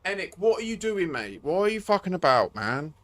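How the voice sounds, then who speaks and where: A man's voice: sits high, very animated, fairly quick, fairly bright tone, dry recording. Exasperated swearing male game streamer. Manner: exasperated, swearing, talking to teammates. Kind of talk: live gameplay chat with squadmates.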